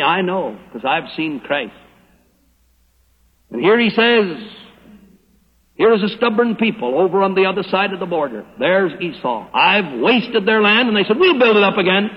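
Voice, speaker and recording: An older man preaching a sermon, emphatic and slowing down to stress the scripture he quotes. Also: a little high, husky, dull audio. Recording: hollow old radio broadcast with hall echo.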